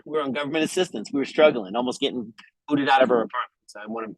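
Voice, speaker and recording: A man's voice: medium pitch, very fast, no echo, low-quality recording. A middle-aged man giving an emphatic, motivational talk on a group call about building a sales team, often repeating himself and checking in with "okay?". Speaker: network marketing leader speaking on a group call.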